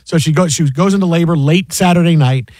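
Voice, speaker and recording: A man with a high voice hosts sports talk radio. He tells stories with energy and throws his voice up to act out quotes. The sound is close and dry. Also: a little fast, no room sound. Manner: animated storyteller, acts out quotes in a high voice.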